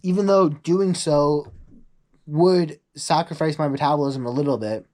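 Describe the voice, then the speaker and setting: A young man talking casually in a rambling vlog monologue, full of "like" asides, acting out quoted people in a higher voice. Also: measured pace, a little mellow. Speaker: vlogger.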